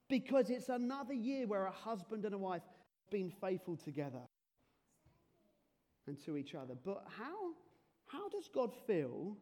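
A man giving a playful, animated children's talk in a church service. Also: sits high. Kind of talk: lively children's sermon. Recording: long reverb of a large hall.

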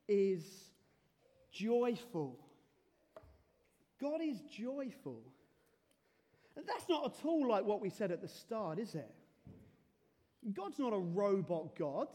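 A man giving a playful, animated children's talk in a church service. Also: very high voice. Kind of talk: lively children's sermon. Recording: long reverb of a large hall.

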